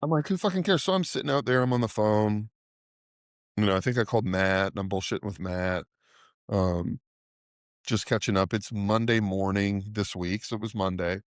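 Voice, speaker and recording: A man's voice: on the low side, steady tone, normal speed, clean tone, no echo, clean studio sound. A middle-aged man co-hosting a podcast, telling a rambling, profane anecdote in casual chat and laughing often. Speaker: podcast co-host.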